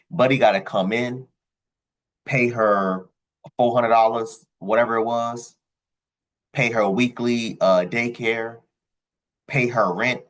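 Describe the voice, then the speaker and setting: Husky man in a blunt rant. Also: rough recording. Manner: emphatic, blunt, profane, pitch jumping high on stressed words. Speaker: commentary vlogger reacting to a clip. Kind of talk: ranting commentary.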